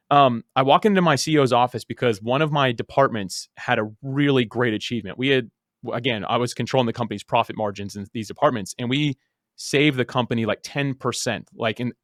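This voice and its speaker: Talking fast and loosely, a man in his thirties shares his story as a podcast guest, leaning heavily on "like" and repeated words. The recording is clean studio sound with no room sound, and his voice sits in the mid-range.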